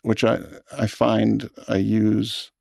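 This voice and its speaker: A man, a film director, talking in an interview in a thoughtful, earnest way with halting restarts. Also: lowish voice, monotone, vocal fry, darkish tone, no echo, studio quality. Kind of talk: reflective interview talk.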